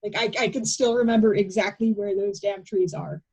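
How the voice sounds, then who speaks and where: A woman co-hosting a casual chat, telling animated stories with frequent restarts and laughter. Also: mid-range voice, moderate pace, a little hiss or hum, poor audio. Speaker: podcast co-host.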